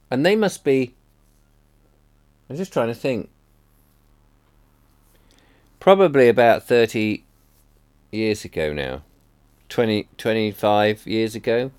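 A middle-aged man from England speaks in a loose, reflective way, as if thinking aloud for a video. His voice sits low, and he rambles wistfully, often losing the thread of a sentence partway through. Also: expressive, a little slow, pauses often, a little mellow, clean tone. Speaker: vlogger. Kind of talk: reflective casual monologue.

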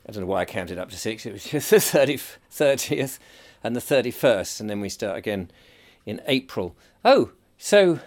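A middle-aged man in a casual audio diary, rambling and chatty while he potters in his kitchen. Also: medium pitch. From England. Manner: rambling, chatty, self-amused. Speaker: podcast host. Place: home kitchen by a stove.

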